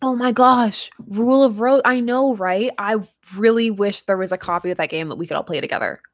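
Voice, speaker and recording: A woman's voice: mid-range voice, fairly quick, no echo, clean studio sound. A young woman streaming live, chatting casually with viewers, laughing often and trailing off mid-sentence. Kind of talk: casual livestream chat reading viewer comments.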